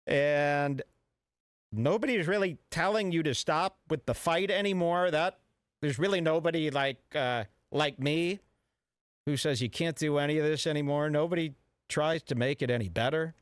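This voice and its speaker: A man hosting a radio show, ranting in a brash, mock-serious and deliberately offensive way. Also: fairly high pitch, smooth, no echo. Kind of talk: provocative comedic talk radio rant.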